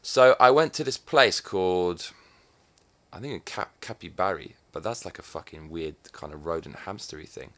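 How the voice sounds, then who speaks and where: A man's voice: low-pitched, moderate pace. A man from England in his thirties, talking to camera in a profane, sardonic comic monologue. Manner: profane and sardonic, with swings in loudness. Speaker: vlogger.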